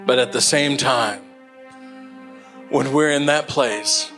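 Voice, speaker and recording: A man preaching a sermon as pastor, telling lively stories with laughter and then slowing into earnest exhortation. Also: medium pitch, soft background music.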